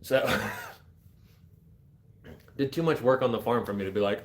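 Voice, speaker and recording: A man's voice: on the low side, normal speed, long pauses. A man in his thirties chatting casually on a livestream, joking, self-deprecating and easily distracted. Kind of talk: casual rambling livestream chat.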